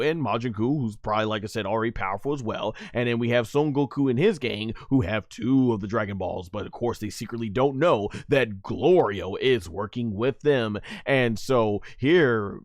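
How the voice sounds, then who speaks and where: A man recapping and reviewing an anime episode in a casual, animated way, laughing often and full of fillers and restarts. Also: mid-range voice, dry recording, studio quality.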